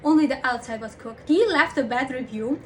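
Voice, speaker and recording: A woman's voice: sits high, normal speed, slight background noise. A young woman vlogger ranting casually and with frustration, swearing freely as she talks. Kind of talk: casual vlog rant.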